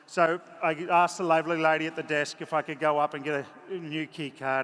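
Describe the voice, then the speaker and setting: A man's voice: fairly high pitch, fairly even intonation, brisk, fairly bright tone, a little hiss or hum. An Australian man giving a horse clinic from the saddle, chatty, joking and openly emotional, on a headset mic in a large indoor arena. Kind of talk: live clinic commentary from horseback. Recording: echoey arena with faint ambience.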